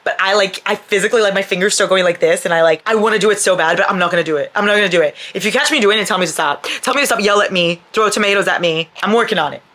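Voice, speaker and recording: A young woman talking at home in a mid-range voice, gushing about her reading with bursts of laughter. She swears freely and runs hot with excitement. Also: medium pitch, very fast, hardly any pauses. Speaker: book vlogger. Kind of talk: casual reading vlog chat.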